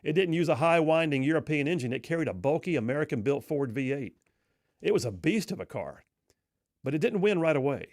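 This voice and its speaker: A man's voice: fairly high pitch, expressive, brisk, darkish tone, no echo, studio quality. A male talk radio host telling a story in a folksy, emphatic way.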